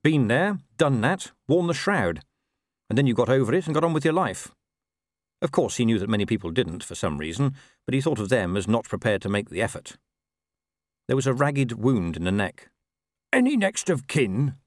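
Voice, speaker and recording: A man reading a story as narrator, wry and expressive. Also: mid-range voice, brisk, dry recording, clean studio sound. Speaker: audiobook narrator. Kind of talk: scripted narration.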